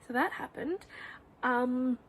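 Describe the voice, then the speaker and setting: A woman's voice: high-pitched, takes it slowly, breathy edge, rough recording. A young woman chatting casually in a reading vlog at home, gushing and rambling, often dropping to a whisper. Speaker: book vlogger. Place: home room.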